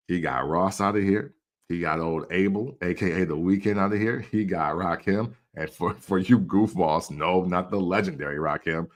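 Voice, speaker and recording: Casting: low-voiced man in his forties, chatty host, laughs a lot and drops into quick acted quotes. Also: fairly bright tone. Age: 40s. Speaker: podcast host. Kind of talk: casual commentary.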